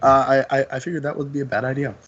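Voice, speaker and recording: A man's voice: mid-range voice, level tone, very fast, a bit bright, husky. A man playing a tabletop game who describes his character's actions in a hesitant way, with many fillers. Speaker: player. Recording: dull lo-fi recording with faint noise.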